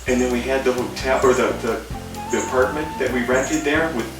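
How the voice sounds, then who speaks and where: A man's voice: mid-range voice, steady tone. A man fondly recalls family memories, stopping and restarting his sentences as he goes. He sounds a little distant in a roomy space, with music playing in the background. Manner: fond, halting storytelling with many restarts. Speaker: husband. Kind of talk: casual reminiscing with family. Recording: roomy home recording, distant mic, music behind.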